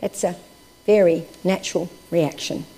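In a lowish, gravelly voice with fairly even intonation, a woman preaches and reads scripture. Still, she lifts her voice for emphasis and then drops to slow, hushed phrases.

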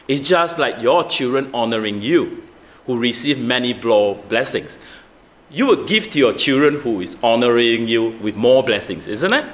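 A man's voice: fairly high pitch, a bit bright. A man preaching a sermon as pastor, asking the congregation many rhetorical questions.

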